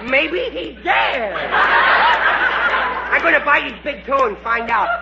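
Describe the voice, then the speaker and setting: A man's voice: very high-pitched, lively intonation, slow pace, exaggerated voice. A man voicing a tiny, chatty male cartoon prankster who giggles and muses aloud to himself, in vintage cartoon voice acting. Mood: playful. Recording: dull lo-fi old film soundtrack with loud hiss.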